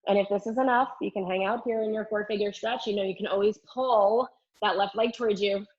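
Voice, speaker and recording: A woman's voice: medium pitch, steady tone, a little fast. A woman Pilates instructor cueing and counting reps in a live online class, exercising along and a bit strained. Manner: upbeat counting and cueing while doing the moves. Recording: slightly dull lo-fi stream audio.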